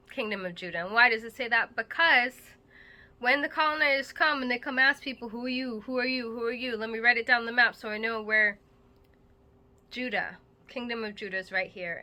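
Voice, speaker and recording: A woman's voice: mid-range voice, pushed and bright. A middle-aged woman from Massachusetts giving an earnest, conversational teaching monologue, loose and full of fillers. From Massachusetts, United States. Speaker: host.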